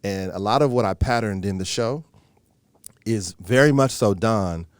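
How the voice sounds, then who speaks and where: A man in his thirties, an actor being interviewed, telling stories in an animated way and acting out the people he quotes. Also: on the low side, a little slow, clean tone, no echo. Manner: animated storyteller, acts out quoted exchanges; frequent fillers and restarts. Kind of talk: casual interview talk.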